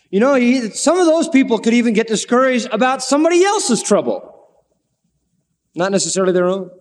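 A man's voice: animated, moderate pace, a little mellow. Male preacher, folksy storytelling sermon, acts out the scripture voices, long hall reverb. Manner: folksy, acts out biblical voices with big pitch swings.

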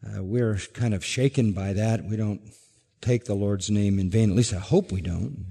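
A male pastor preaching a sermon emphatically, repeating key words and letting line ends fall soft and low. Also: normal speed, vocal fry, husky. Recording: long reverb of a hall.

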